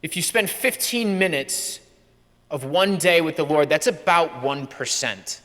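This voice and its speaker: A man's voice: on the high side, measured pace, fairly bright tone. A young male priest preaching a conversational homily, acting out remembered dialogue. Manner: conversational, acts out quoted dialogue. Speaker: pastor. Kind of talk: sermon. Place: church. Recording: long church reverb.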